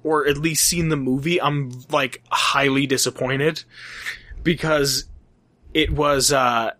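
A man's voice: mid-range voice, steady tone, takes it slowly, pushed and bright, no room sound. A young man in casual chat, rambling with lots of fillers and swearing. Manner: rambling, filler-heavy, profane.

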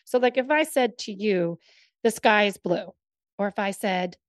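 A woman co-hosting a casual chat, explaining advice in a measured, steady way. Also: mid-range voice, no room sound, studio quality. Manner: measured, explanatory, gives tips. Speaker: co-host.

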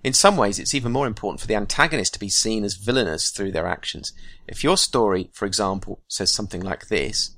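A man teaches fiction writing in a measured, scripted monologue, laying out each point clearly. His lowish voice has a gravelly texture and a bright, forceful edge. The recording is dry and close. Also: expressive, dry recording. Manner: measured, explanatory. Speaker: writing podcast host.

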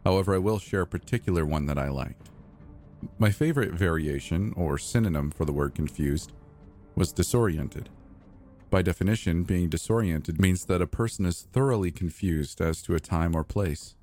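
A man with a very low, deep voice narrates a horror story in the first person. His delivery is measured and deliberate, and soft music plays faintly underneath.

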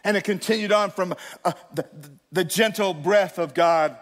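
Male pastor, sermon, high voice, hushed then emphatic, asks the congregation questions, reverberant hall. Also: normal speed. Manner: swings from hushed to loud and emphatic, engages the congregation.

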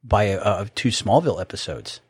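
A middle-aged man chatting casually over a video call, halting and rambling with many fillers. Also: on the low side, expressive, slightly rough, no room sound, clean studio sound. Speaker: co-host. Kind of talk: casual chat.

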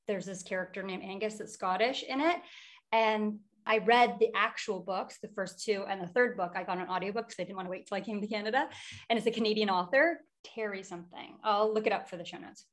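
A woman's voice: medium pitch, fairly quick. A woman co-hosting a podcast, chatting casually and animatedly about a book. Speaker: podcast co-host. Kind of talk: casual book-club chat.

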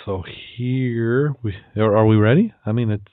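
A man hosting a podcast, chatty and quick to laugh, repeating words as he goes, between casual chat and telling jokes. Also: mid-range voice, a little hiss or hum. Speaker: podcast host. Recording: tinny phone-like line.

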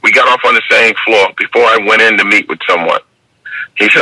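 An older man with a New York accent tells stories in a slow, measured interview manner. His voice is bright and husky, and it sounds dry and tinny, like it is coming over a phone line. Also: lowish voice, dry recording. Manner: measured, repeats "you understand?". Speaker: guest, basketball referee mentor. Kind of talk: reflective interview storytelling.

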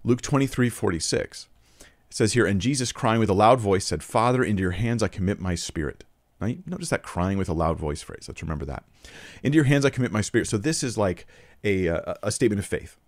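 A man presenting a Christian apologetics video delivers earnest, argumentative commentary, quoting scripture and frequently restarting his phrases. His voice is lowish and expressive, a little fast, with no room sound.

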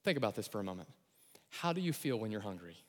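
A man preaching a lively sermon, acting out voices and shouting his key lines. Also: on the low side, fast talker. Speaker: pastor. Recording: long hall reverb.

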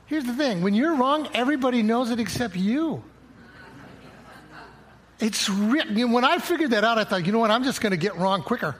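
A man's voice: very high voice, animated, a little fast, fairly bright tone. A middle-aged man preaching a conversational sermon, quoting scripture and acting out little dialogues. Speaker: pastor.

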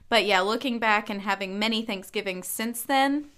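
A woman co-hosting a podcast, telling stories in an animated, casual way. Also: medium pitch, moderate pace. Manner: animated storyteller. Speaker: podcast co-host. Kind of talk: casual chat.

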